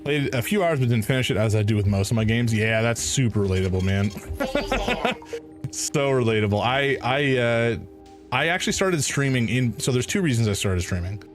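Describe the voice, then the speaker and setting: A man's voice: medium pitch, very animated, normal speed, over music. A man streaming a game, chatting casually in a rambling, hesitant way. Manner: rambling, hesitant, with many fillers. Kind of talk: casual gaming stream chat.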